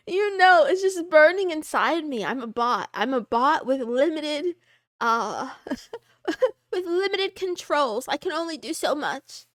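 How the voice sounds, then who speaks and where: A woman live streamer chatting casually and greeting her chat, giggly and excitable. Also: high voice, slow, dry recording, studio quality.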